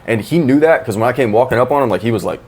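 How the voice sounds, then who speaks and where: A man's voice: medium pitch, animated, very fast, darkish tone, breathy edge. Man, from florida, podcast co-host, mid voice, heated profane storytelling. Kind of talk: casual chat, telling a story.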